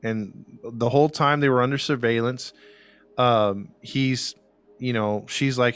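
A man's voice: medium pitch, steady tone, unhurried, fairly bright tone, clean tone. Rambling male true-crime podcast host. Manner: rambling, lots of fillers, acts out quotes. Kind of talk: casual true-crime storytelling.

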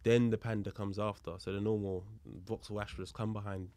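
In a lowish voice and a slightly fast pace, a police officer guesting on a podcast recounts a story conversationally. He performs both sides of the exchange with energy and breaks down the legal points, captured in a dry recording.

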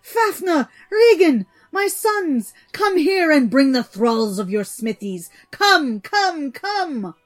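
A woman's voice: unhurried, dark tone, lightly acted. A woman reading a storybook, voicing a greedy, cunning old man who is a sorcerer and a father. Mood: shrieking grief. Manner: shrill, cries out.

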